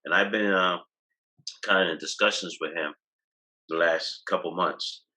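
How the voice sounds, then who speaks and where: Bright-voiced, boastful New man. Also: low-pitched, fairly even intonation, normal speed, poor audio. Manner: loose, boastful storytelling with many restarts. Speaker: guest, cannabis activist. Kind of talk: casual interview talk. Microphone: video call.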